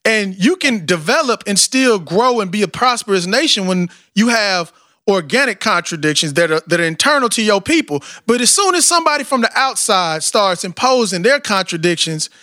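A man's voice: sits high, sing-song, moderate pace, bright, forceful tone, no room sound, studio quality. A man with a Southern American twang, talking in a casual, passionate, rambling way and often asking "you know what I'm saying". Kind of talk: casual conversation.

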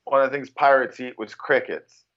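A man's voice: mid-range voice, fairly even intonation, normal speed, lo-fi sound. A man co-hosting a podcast, chatting casually, brash and swearing, calling everyone dude. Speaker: podcast co-host. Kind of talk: casual chat.

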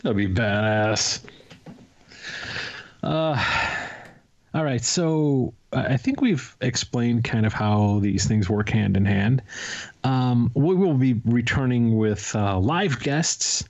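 Guy co-hosting a podcast, jokey and chatty, regular voice, mid pitch. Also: takes it slowly, a little mellow, lo-fi sound. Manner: joking, chatty, self-deprecating. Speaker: podcast co-host. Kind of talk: casual podcast chat.

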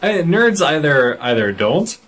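A man's voice: a little high, very animated, measured pace, noisy background. A man co-hosting a podcast in easygoing casual chat, laughing often. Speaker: podcast co-host.

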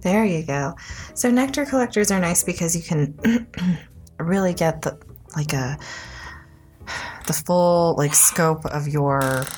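A woman in her thirties or forties co-hosting a casual podcast with her husband, chatty and quick to laugh. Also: fairly low pitch. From Colorado, USA. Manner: giggly, laughs often, chatty while multitasking. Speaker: podcast co-host. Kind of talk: casual chat.

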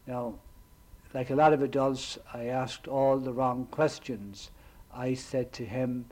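Slow, measured priest telling a story. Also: male voice, mid-range voice, fairly even intonation, a little mellow, low-quality recording. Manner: measured, reflective storytelling with pauses. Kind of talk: storytelling sermon.

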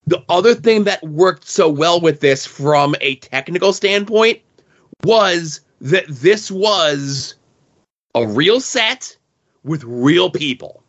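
A man's voice: fairly high pitch, expressive, slow, fairly bright tone, lo-fi sound. A man co-hosting a podcast, jumping in with eager commentary in casual conversation. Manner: jumps in with eager commentary and opinions. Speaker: podcast co-host.

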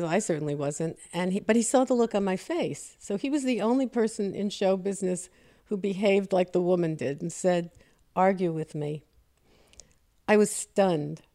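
A woman's voice: medium pitch, warm tone. A woman comedy writer as an interview guest, telling anecdotes in a wry, self-deprecating way. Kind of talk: casual interview chat, storytelling.

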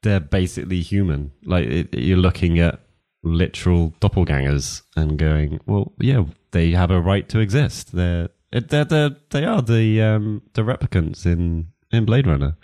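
A very deep-voiced man muses on ideas in a casual podcast chat. He circles his point with hesitant restarts, thinking aloud. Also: expressive, normal speed, hardly any pauses, mellow.

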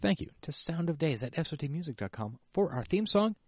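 A man co-hosting a podcast, wry and quick to laugh in casual banter. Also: a little high, big pitch swings, dry recording, clean studio sound. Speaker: podcast co-host.

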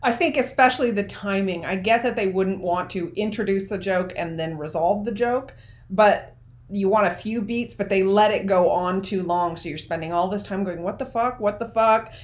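A woman's voice: medium pitch, normal speed. A woman co-hosting a podcast, casually and frankly adding explanations and caveats. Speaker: podcast co-host. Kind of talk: casual chat.

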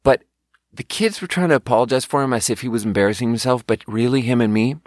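A Swedish man talks fast in a medium-pitched, darkish voice, telling a rambling story full of swearing and self-mockery as a casual podcast monologue. He hosts the podcast and also works as a restaurant server, and the clean studio recording has no echo.

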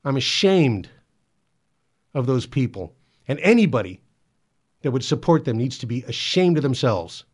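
A man's voice: mid-range voice, very animated, normal speed, pauses often, slightly rough. A man giving earnest Catholic commentary, often repeating words and stumbling as he presses his point. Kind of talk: spoken commentary and exhortation.

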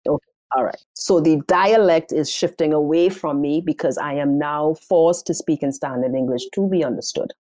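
A Trinidadian woman with a New York edge speaks in a low voice, recorded close and dry. She tells her story in an interview as a theater director, animated and circling back over her words as she goes. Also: moderate pace, hardly any pauses, no echo. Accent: Trinidadian, mixed with New York. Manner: animated, repeats words while finding them.

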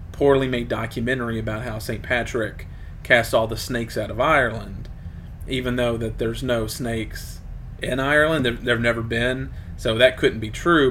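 A man's voice: mid-range voice, a bit bright, slight background noise. A man casually retelling a film's plot as a podcast co-host, rambling with plenty of fillers. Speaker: podcast co-host reviewing a film. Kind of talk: casual chat.

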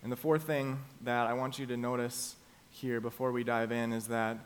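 A man preaching a sermon as pastor, emphatic and slowing down to stress the key phrases. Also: mid-range voice, level tone, smooth.

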